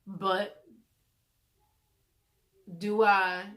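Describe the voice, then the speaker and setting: A teenage girl telling a personal story in a chatty vlog, animated as she quotes the people involved. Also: medium pitch, drawn-out words. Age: teens. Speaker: vlogger.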